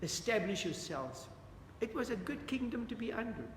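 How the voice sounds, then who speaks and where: A man's voice: high-pitched, big pitch swings, normal speed, a little hiss or hum. A man leading a Bible study lesson, talking earnestly and putting questions to his listeners. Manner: earnest, questions the audience, repeats "dear friends". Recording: echoey hall with long reverb, faint ambience.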